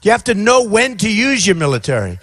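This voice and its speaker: A man in his sixties giving an off-the-cuff campaign rally speech outdoors, rambling and repetitive, often shouting to a crowd. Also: high voice, sing-song, brisk, dry recording, studio quality. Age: 60s. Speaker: presidential candidate.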